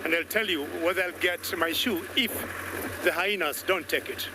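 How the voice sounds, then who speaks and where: A man's voice: sits high, moderate pace, heavy background noise. A man working as a safari guide, chatting cheerfully on a live broadcast from outdoors. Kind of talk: live wildlife broadcast chat.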